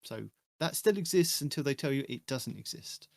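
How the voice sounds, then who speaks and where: Male podcast host, mid-pitched, chatty, reading update notes; dry close mic. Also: lively intonation, normal speed, gravelly, a little mellow, no echo. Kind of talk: casual gaming podcast chat.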